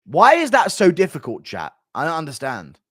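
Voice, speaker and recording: Male streamer, 25, blunt and offhand, bouncy pitch, dry close sound. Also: wildly swooping pitch, moderate pace, a bit bright, no room sound. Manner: blunt, offhand, banters with chat. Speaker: livestream host. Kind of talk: casual livestream chat reading donations.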